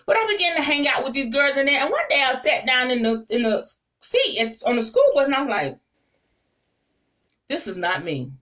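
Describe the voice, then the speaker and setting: A woman apostle telling stories in a sermon, lively and conversational, speaking straight to her listeners. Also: high voice, fast talker, few pauses, far from the mic, poor audio. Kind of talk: storytelling sermon to a live audience.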